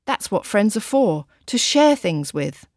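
Brief: kindly male friend in a storybook, woman reading, soft coaxing tone. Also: mid-range voice, sing-song, measured pace, no room sound, clean studio sound. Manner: gentle, coaxing. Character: kind, concerned male friend.

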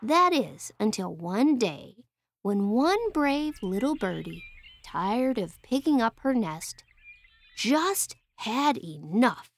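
A woman reading a children's picture book aloud in a playful, expressive way. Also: fairly high pitch, slow. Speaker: storyteller.

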